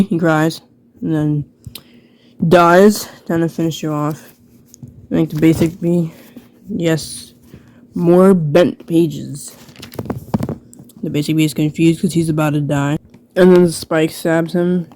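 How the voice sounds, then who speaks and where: A woman's voice: low-pitched, steady tone, measured pace, warm tone. A woman giving self-mocking, rambling casual commentary as she reviews an old book she wrote as a child, full of "like" fillers. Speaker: video creator.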